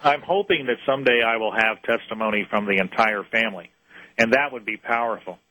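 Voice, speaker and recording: Speaking in a fairly low voice that's bright and forceful, this man describes a case from his UFO research with earnest, halting restarts. It's an interview, captured dry with no echo but with rough audio quality.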